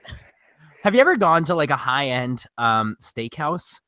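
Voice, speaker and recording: A man co-hosting a movie podcast, telling stories in an excitable, laughing, swearing way. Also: mid-range voice, moderate pace, clear, resonant tone, dry recording, studio quality. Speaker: podcast co-host. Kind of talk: casual chat.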